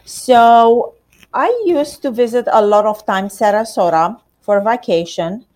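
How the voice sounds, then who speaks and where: Slow-speaking Romanian-accented woman. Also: mid-range voice, a little mellow. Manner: non-native phrasing, many hesitations. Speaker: macaron shop owner. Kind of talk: interview answers.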